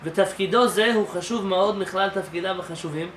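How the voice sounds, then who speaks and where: Emphatic rabbi, bright voice, roomy far-off sound. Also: male voice, high-pitched, very fast. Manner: conversational, emphatic, asks rhetorical questions. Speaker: rabbi teaching a class. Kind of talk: informal Torah class. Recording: roomy sound from a distant mic with faint noise.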